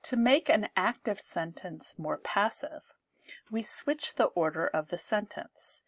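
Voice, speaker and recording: A woman's voice: medium pitch, lively intonation, slow pace, dry recording. A woman teaching an English grammar lesson, explaining step by step and reading example sentences aloud.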